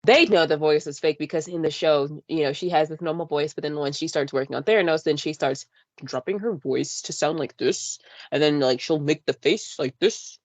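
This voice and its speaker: A young woman with a low voice co-hosts a podcast in loose, casual chat. She leans on fillers and slips into playful impressions of other voices. The recording is dry and a little dull. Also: brisk, darkish tone, no echo. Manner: chatty, many fillers, mimics voices playfully. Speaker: podcast co-host. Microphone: podcast mic.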